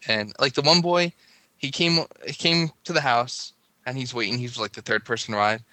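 A man's voice: medium pitch, moderate pace, pushed and bright, no room sound. A man casually telling a long story, rambling and breaking off mid-sentence with lots of "like". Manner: rambling, self-interrupting, lots of "like".

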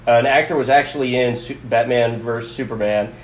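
A man's voice: medium pitch, steady tone, fairly quick. Chatty man podcaster, echoey room. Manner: chatty, thinks aloud with many fillers. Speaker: podcast co-host. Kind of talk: casual podcast chat. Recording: echoey room with faint hiss.

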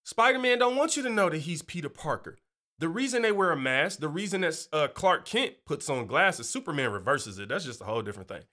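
Animated, bright-voiced man talking casually. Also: on the high side, fairly quick. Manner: animated, chatty, keeps asking "you know". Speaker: Christian speaker. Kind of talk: casual faith talk.

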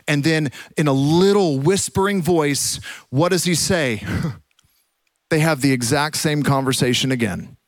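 A man preaching a sermon as a pastor, telling the story with animated energy and dropping to a hush for the quiet parts. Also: on the high side, takes it slowly, no room sound. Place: church.

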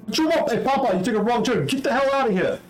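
A man's voice: fairly high pitch, quick pace, echoey room, lightly acted, poor audio. A man voicing the oldest of a young male space-gang crew who talks in street slang, curses, and gets rattled. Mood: brash. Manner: street-talking, cursing, rattled.

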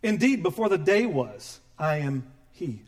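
A middle-aged man preaching a sermon as pastor, animated and joking, acting out quoted voices. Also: on the high side, unhurried.

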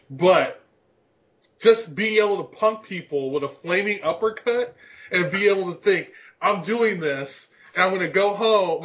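A man's voice: high voice, fairly bright tone, muffled recording. A man in his thirties chatting casually on a podcast, crude and joking, laughing often.

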